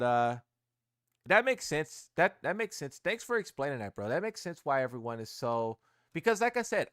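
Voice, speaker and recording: A man's voice: medium pitch, a bit bright, clean tone, no echo, clean studio sound. A man streaming live and reacting casually to gaming posts, rambling, repeating himself and using slang.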